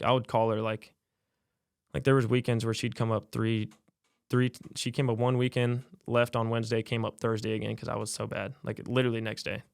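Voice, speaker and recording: A young man, a college athlete, telling a personal story in a podcast interview, soft-spoken and halting with many fillers. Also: on the low side, gravelly, smooth, no echo, clean studio sound. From United States. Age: young adult. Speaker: college basketball player, podcast guest. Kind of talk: personal testimony in a podcast conversation.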